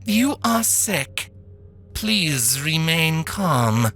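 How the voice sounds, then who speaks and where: Woman as a broken medical robot, slow, flat, insistent. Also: sits low, faint music behind, pitched above the performer's own voice, full character voice. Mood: cold.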